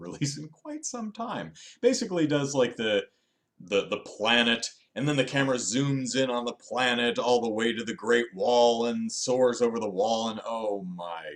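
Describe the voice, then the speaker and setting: Male host, low voice, offhand live-stream review, wry, self-deprecating, animated in spurts. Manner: frequent restarts and fillers, animated bursts.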